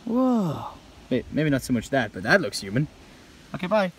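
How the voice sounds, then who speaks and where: A young man vlogging at a zoo park outdoors, talking excitedly to the animals into a handheld camera. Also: fairly high pitch, moderate pace. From England. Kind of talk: casual vlog commentary. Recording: noisy outdoor camera audio.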